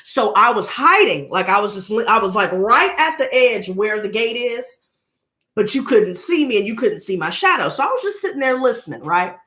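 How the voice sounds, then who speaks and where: A young woman who hosts a tarot channel tells a story in a casual vlog, talking loudly and swearing a lot. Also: a little high, moderate pace. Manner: loud, profane, animated storyteller. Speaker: tarot reader and channel host.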